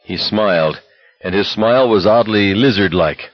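A man narrates a novel in a very deep, slightly husky voice with a steady, even delivery. The recording is dry and dull, with a lo-fi sound. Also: normal speed, no room sound. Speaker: audiobook narrator.

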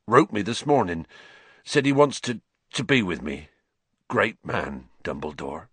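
A huge, gentle groundskeeper, shaken and grieving, as a man voices him in an audiobook. He talks haltingly and low-key, stumbling over his words. The pitch still rises and falls in a lively way. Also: husky, no room sound, exaggerated voice.

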